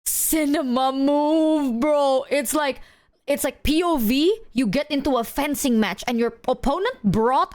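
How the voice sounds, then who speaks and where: Animated, swearing woman streamer. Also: high-pitched, moderate pace. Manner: animated storytelling, heavy swearing. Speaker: live streamer. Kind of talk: casual chat to a stream audience.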